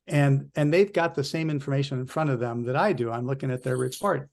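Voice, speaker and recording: A male coach telling an animated story in a casual podcast chat, with frequent restarts. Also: mid-range voice, brisk.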